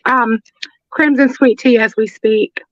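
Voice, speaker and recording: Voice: mid-range voice, steady tone, takes it slowly, fairly bright tone, no room sound, dull audio. A drag performer guest, laid-back and hesitant, repeating words. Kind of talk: casual chat.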